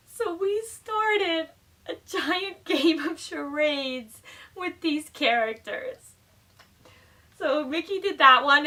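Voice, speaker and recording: Bright, high-voiced chatty woman. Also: distant mic. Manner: chatty and animated, heavy use of "like", laughing often. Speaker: vlogger telling a story. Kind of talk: casual storytime narration.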